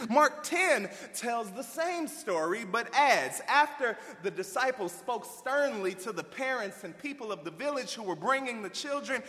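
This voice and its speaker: A man preaching a sermon, animated and folksy, swinging between loud emphasis and hushed asides. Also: sits high, in a large hall. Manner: folksy, addresses listeners as y'all.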